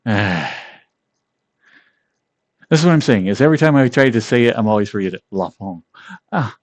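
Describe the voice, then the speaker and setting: A man's voice: lowish voice, expressive, moderate pace, no echo. A man streaming casually from home, playful and giggling often as he chats.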